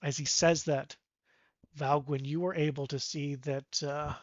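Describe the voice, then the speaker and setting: A man narrating a tabletop game as game master, animated with sound effects. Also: fairly high pitch, measured pace, no room sound, muffled recording.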